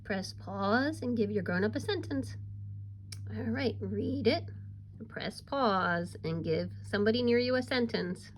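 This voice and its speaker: A woman's voice: mid-range voice, expressive, measured pace, slight background noise. A woman teaching a recorded reading lesson to young children, upbeat and encouraging with a sing-song teacher voice. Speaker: kindergarten teacher.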